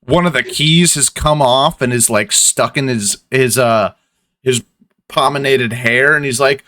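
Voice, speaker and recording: A man narrating as game master of a tabletop game, in loose, relaxed speech full of fillers. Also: medium pitch, measured pace, no room sound, studio quality.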